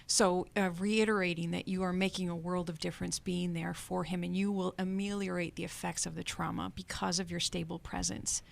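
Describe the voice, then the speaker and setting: A woman co-hosting a radio advice show as a counselor, measured, clinical and caring. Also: lowish voice, flat delivery, gravelly.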